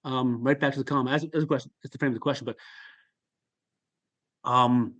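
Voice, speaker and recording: A male podcast guest speaking at a middle pitch, with an even, ordinary voice. He talks reflectively and haltingly, often pausing and restarting as he recounts his experience. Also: dull audio. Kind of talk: candid personal storytelling.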